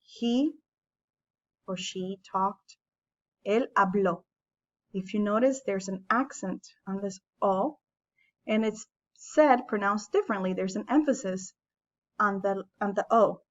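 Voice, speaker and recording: Slow, patient woman teacher. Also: medium pitch, lo-fi sound. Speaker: Spanish teacher. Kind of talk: classroom lesson narration.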